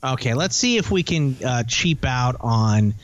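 A man's voice: medium pitch, animated, highs cut off. A man co-hosting a podcast, chatting casually and teasingly while rattling off player names and prices. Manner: rambling, teasing, lists names quickly. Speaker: podcast co-host. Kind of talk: casual fantasy football chat.

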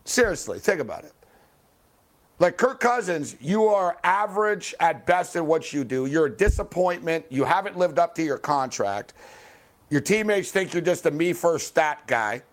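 A man hosting a late-night sports talk radio show, ranting angrily and swearing at athletes, with loud high-pitched outbursts. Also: expressive, moderate pace. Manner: angry, swearing, heckling athletes by name.

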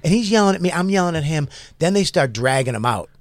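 A man tells a rowdy story on a comedy podcast, his voice swinging high and low as he acts out every shouted line. The sound is close and dry, with no room at all, and he swears freely and laughs his way through the telling. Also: quick pace, no echo. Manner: animated, profane, acts out quotes. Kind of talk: storytelling in casual chat.

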